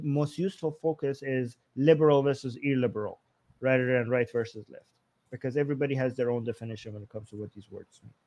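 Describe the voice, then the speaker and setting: A man's voice: on the high side, darkish tone. A man co-hosting a live-stream talk show, arguing a point in a thinking-aloud way with frequent restarts. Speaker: political commentary co-host. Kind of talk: casual live-stream discussion.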